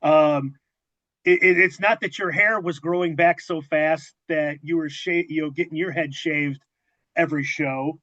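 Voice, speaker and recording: A man hosting a casual interview, asking questions in a halting way with frequent fillers. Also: a little high, fairly even intonation, pushed and bright, no room sound, muffled recording. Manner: halting, many fillers and restarts. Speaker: podcast host.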